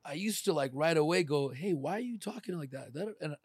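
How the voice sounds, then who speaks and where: Man, middle-aged, casual podcast chat, animated, slightly high pitch, dry close sound. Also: a little fast, husky, no echo. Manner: animated, acts out quoted voices.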